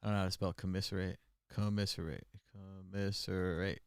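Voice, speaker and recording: Guy hosting a live stream, kinda low voice, rambling and muttering to himself, dry close sound. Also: fairly even intonation, fast, clear, resonant tone, no room sound. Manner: rambling, thinks aloud and mutters while working the computer. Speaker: host of a live call-in stream. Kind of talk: casual live-stream talk.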